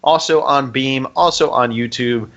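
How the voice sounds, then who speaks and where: A man's voice: mid-range voice, measured pace, a bit bright, dull audio. A man from the United States co-hosting a casual podcast, joking and rambling through the show plugs. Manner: jokey, rambling announcer reading plugs. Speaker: podcast co-host.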